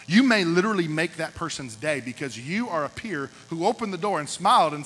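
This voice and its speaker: A man's voice: a little high, expressive, a little fast, hardly any pauses, a bit bright. A man preaching as youth pastor, punchy and repetitive, directing a group in a large hall. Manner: punchy, repeats short lines. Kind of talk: youth service sermon. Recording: echoey hall with mains hum.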